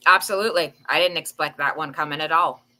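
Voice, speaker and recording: A woman co-hosting a wrestling podcast, chiming in with quick agreement in casual talk. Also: sits low. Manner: quick agreeing interjections, lively. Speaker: podcast co-host.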